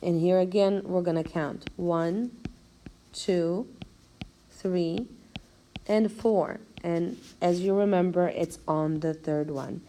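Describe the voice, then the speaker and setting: With a warm, steady voice on the low side, a female language teacher delivers a recorded video lesson. Her explanation is slow and methodical, spelling out syllables one by one. A little hiss or hum runs through the recording.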